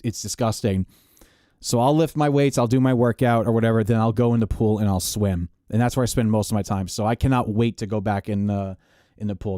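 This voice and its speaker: A man's voice: lowish voice, mellow, no echo, clean studio sound. A man, a live sound engineer, chatting casually to his viewers while he mixes, rambling with many fillers and restarts.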